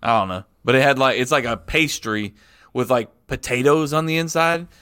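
A man co-hosting a casual podcast, swearing often and jumping up high in pitch when he argues. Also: moderate pace, clear, resonant tone, no echo, clean studio sound. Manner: animated, swears a lot, voice jumps up high when arguing. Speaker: podcast co-host. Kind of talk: casual banter. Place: Central Florida.

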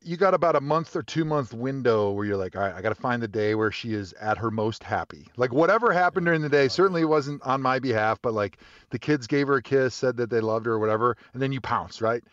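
Man, guest storyteller, relaxed and rambling, muffled dry sound. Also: medium pitch, quick pace, no room sound. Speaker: guest, former football player. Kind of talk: casual storytelling.

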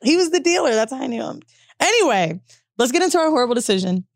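A woman's voice: high voice, very animated, quick pace, dry recording, clean studio sound. A woman co-hosting a podcast in casual chat, telling stories candidly and laughing often. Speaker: podcast co-host.

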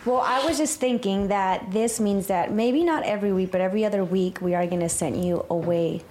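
A woman co-hosting a casual livestream chat, relaxed and thoughtful, reading out chat comments. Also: mid-range voice, a little fast.

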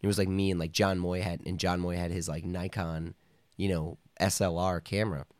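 Here a podcast guest's deep voice stays level and fairly quick, with no echo. Storytelling casually, he wanders through a loose tale packed with "like" and "you know," now and then playing other people's lines and coughing at times.

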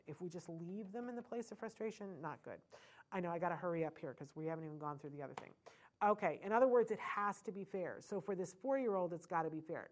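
A middle-aged woman speaks earnestly to a room of parents in a somewhat low voice. She is animated and personal, trips over her words, restarts, and leans on fillers as she explains. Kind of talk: informal talk to an audience.

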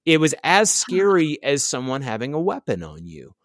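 Guy spinning a wild story, swoopy lively voice, dry close sound. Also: medium pitch, normal speed, dry recording. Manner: animated storytelling, acts out quotes. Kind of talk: casual chat.

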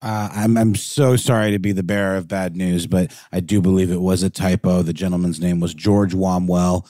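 A man co-hosts a casual history podcast, talking in a chatty, halting way with frequent restarts. His voice sits low and mellow, and the sound is dry and close. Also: flat delivery, dry recording. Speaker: podcast co-host.

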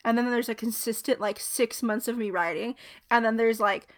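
A woman's voice: fairly high pitch, moderate pace. A young woman co-hosting a podcast in casual chat, rambling and laughing often. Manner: giggly, rambling and animated. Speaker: podcast co-host.

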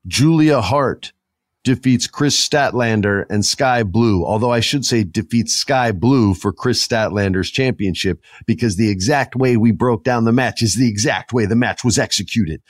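A man's voice: medium pitch, normal speed, no room sound, clean studio sound. A man hosting a podcast in casual chat, rambling and talking straight to his listeners. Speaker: podcast host.

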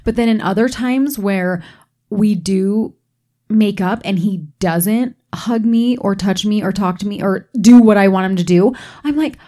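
An animated woman chatting as a co-host, with a voice at an ordinary middle pitch. She tells her stories with energy, acts out both sides of arguments, and makes fun of herself with frequent laughs. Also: a little slow. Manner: animated storyteller who acts out quoted arguments; self-mocking and laughs often. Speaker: podcast co-host. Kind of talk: casual chat.

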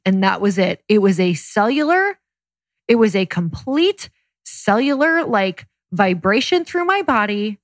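Woman co-host, mid-pitched, earnest and reflective, recorded dry and close. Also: animated, measured pace, no echo. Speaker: podcast co-host. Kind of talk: casual conversation.

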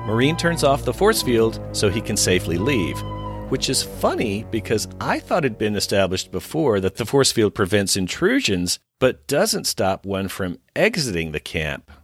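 A man co-hosting a podcast, narrating an episode's plot in a relaxed storyteller cadence and dropping wry asides. His voice sits low but moves lively up and down. Faint music plays underneath. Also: moderate pace. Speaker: podcast co-host recapping an episode. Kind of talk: casual recap narration and chat.

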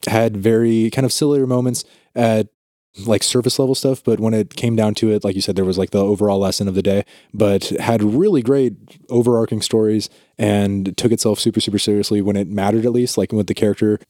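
A young man with a low, mellow voice, talking casually about cartoons he grew up with. He rambles, piling up fillers and restarting his sentences. The sound is dry and close. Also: steady tone, brisk, no room sound. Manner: rambling with many likes and restarts. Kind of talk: casual chat.

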